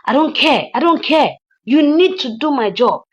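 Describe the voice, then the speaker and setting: A woman voicing a furious rich woman who orders a killing, loud and repeating her demands. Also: high-pitched, lively intonation, normal speed, lo-fi sound, pitched above the performer's own voice.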